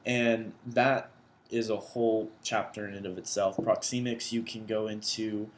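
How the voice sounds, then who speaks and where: A man's voice: fairly low pitch, level tone, measured pace. A young man, an education student, explaining vocabulary words for a class assignment in a loose, conversational way, thinking aloud as he goes, recorded indoors at his computer.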